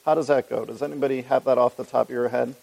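A male preacher with a gravelly edge to his voice, working verse by verse through scripture for a live audience. He talks in a conversational way and puts questions to the room. His voice carries a long reverb tail, as in a large hall. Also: mid-range voice, steady tone, fast talker, a little mellow. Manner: conversational, reads scripture aloud, asks the congregation questions. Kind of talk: expository Bible teaching.

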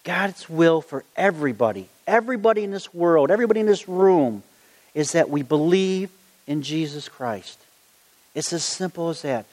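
A middle-aged man preaches a sermon, earnest and conversational as he shares stories from his own life. His fairly high-pitched voice has lively intonation, a darkish tone and normal speed, carried by a long hall reverb.

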